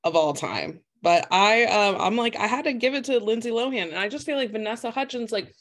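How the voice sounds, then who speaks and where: A woman co-hosting a casual podcast chat, enthusiastic and expressive, using many fillers. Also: a little high, a little fast, slight background noise. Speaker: podcast co-host.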